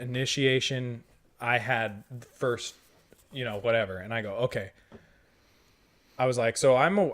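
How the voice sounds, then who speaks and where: A young man with an ordinary mid-range voice tells a tabletop game story among friends. He swears often and acts out each exchange with the game master. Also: medium pitch. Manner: profane, animated retelling with quoted dialogue. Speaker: podcast host.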